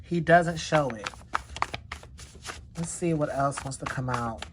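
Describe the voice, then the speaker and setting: A woman's voice: sits low, slow pace, noisy background. A woman hosting a casual card reading, chatty and leaning on the word "definitely" again and again. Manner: chatty, repeats "definitely" often. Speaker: tarot card reader.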